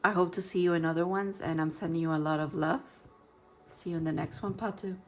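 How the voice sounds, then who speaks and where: Woman, lower voice, tarot reader, gentle and rambling, soft music bed. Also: fairly even intonation, brisk. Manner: gentle, reassuring, rambling with restarts. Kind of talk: pick-a-card tarot reading.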